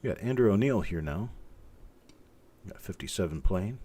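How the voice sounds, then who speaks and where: A middle-aged man hosting a live stream, calmly and methodically talking through each coin and greeting viewers by name. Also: low-pitched, moderate pace, husky. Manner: calm, methodical, talks while inspecting coins, greets viewers by name. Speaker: host.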